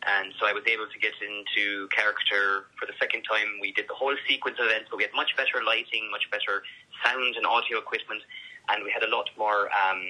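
A man's voice: fairly low pitch, level tone, quick pace, sharp tone, poor audio. A man, a guest actor, talking casually in an interview, rambling with many restarts and fillers.

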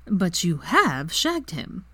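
A woman reading aloud and voicing a calm, knowing young witch who gives matter-of-fact advice. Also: lowish voice, slow, slightly rough, dry recording, exaggerated voice.

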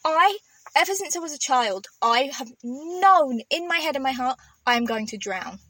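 A young woman co-hosting a casual podcast, playful and quick to laugh while telling stories. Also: sits high, expressive, sharp tone, no room sound. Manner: playful storyteller, laughs often. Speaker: podcast co-host. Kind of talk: casual chat.

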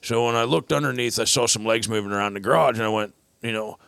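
A man's voice: mid-range voice, quick pace, gravelly, clear, resonant tone, no room sound. A man hosting a podcast, telling a long rambling anecdote in casual chat and acting out the people in it. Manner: rambling anecdote with quoted voices, animated. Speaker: podcast host.

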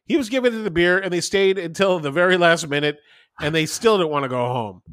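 Pitched high and talking fairly quickly, a man in his thirties co-hosts a podcast in a clean studio with no room sound. He swears freely through casual, animated storytelling and acts out the voices when quoting people.

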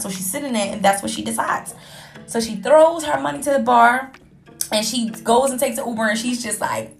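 A woman's voice: on the high side, moderate pace, gravelly, faint music behind. A woman hosting a talk show, telling a story in a candid, conversational way with plenty of casual fillers.

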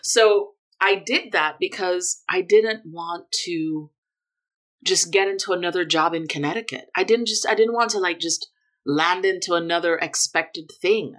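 A middle-aged woman from Jamaica, a guest telling her story in a relaxed interview, with emphatic lifts on key words. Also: on the low side, a little slow. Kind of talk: casual conversational interview.

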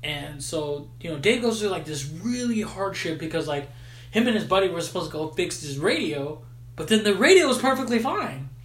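Man, casual podcast host, lively swooping pitch, slangy, swearing, echoey room. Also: moderate pace. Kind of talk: casual film recap chat.

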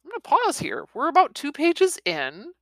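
A woman reviewing a western novel, chatting excitedly and reading chapters aloud. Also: sits high, moderate pace, dry recording. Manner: chatty and excitable, with restarts and exclamations. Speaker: book reviewer.

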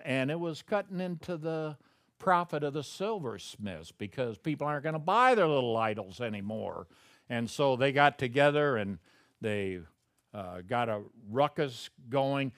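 Male pastor, conversational sermon, emphatic peaks, dry close sound, mid pitch. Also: expressive, a little slow, no room sound. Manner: conversational preaching, rising to loud emphatic peaks.

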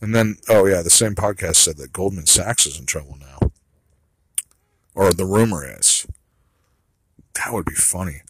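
Low husky man ranting. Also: measured pace, pauses often, no room sound, low-quality recording. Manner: profane, blunt, ranting with trailing asides. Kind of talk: rambling solo monologue.

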